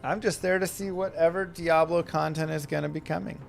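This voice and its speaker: A man in his thirties casually commenting on his game for viewers, guiding them step by step in a relaxed way. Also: a little high, fairly quick, gravelly. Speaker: game streamer. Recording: game music playing behind. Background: game music.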